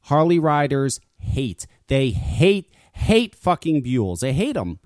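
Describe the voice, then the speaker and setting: A man's voice: fairly high pitch, sing-song, slow pace, a little mellow, no room sound, studio quality. Profane ranting talk radio host, man. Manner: profane, stammering rants. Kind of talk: casual ranting chat.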